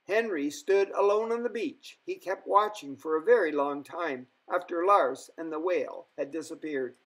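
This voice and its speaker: A man reading a children's story aloud as a storyteller, in an expressive way. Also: on the high side. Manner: slow, expressive.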